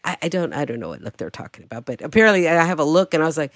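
A woman's voice: sits low, expressive, rapid-fire, few pauses, no echo, studio quality. A woman, telling a brash, profane story in casual chat. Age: 50s.

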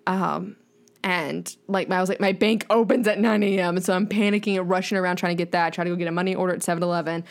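A young adult woman, a podcast guest, telling a rambling, animated story in casual chat and saying "like" often. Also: fairly low pitch, racing, creaky. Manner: animated, rambling, heavy use of "like".

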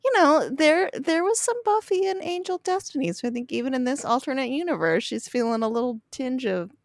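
A woman's voice: sits high, lively intonation, a little fast, dry recording, studio quality. A woman guest on a casual TV recap podcast, laughing often and chiming in with short replies.

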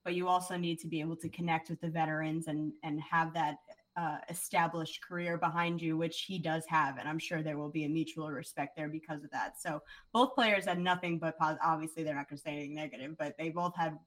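A young adult woman, a sports reporter, chatting casually on a podcast, animated and quick to laugh as she tells stories. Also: deep voice, poor audio.

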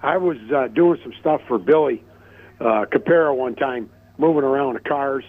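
A man calling in to a radio show, reminiscing in a halting, casual way. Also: mid-range voice. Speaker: caller. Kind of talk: casual phone-in chat. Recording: tinny phone line.

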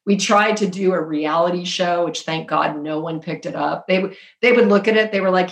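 A woman's voice: on the low side, a little fast, few pauses. Earnest woman telling stories in an echoey room. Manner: earnest, animated storytelling with spiritual talk. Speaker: podcast guest. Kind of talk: casual chat.

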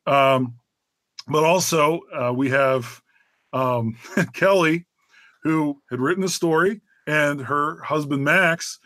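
A man with a somewhat high voice introduces guests hesitantly, often pausing on fillers. The sound is dry and close-miked. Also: a bit bright, no room sound. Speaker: host. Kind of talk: casual chat.

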